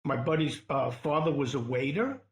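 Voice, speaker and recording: A man from Queens, New York, a co-host who tells animated stories, quotes people and teases his friends in casual chat. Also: mid-range voice, normal speed, echoey room. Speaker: podcast co-host.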